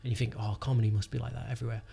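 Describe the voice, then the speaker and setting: A young man tells a story in loose, casual chat. He rambles and swears freely, fills every gap with "like", and his voice sits at an ordinary middle pitch. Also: little pitch movement, rapid-fire, gravelly, dark tone, breathy edge. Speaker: comedian guest. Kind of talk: casual anecdote telling.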